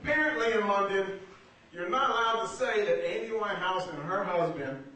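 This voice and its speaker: A man's voice: high-pitched, brisk. A man doing a stand-up comedy set in a small theater, talking conversationally and laughing through his punchlines. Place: small theater stage with audience. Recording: roomy echoey far-off amateur recording with loud noise.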